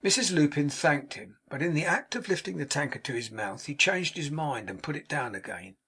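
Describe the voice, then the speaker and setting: A man narrating an audiobook of a classic novel in a measured, expressive way. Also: on the high side, husky. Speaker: audiobook reader.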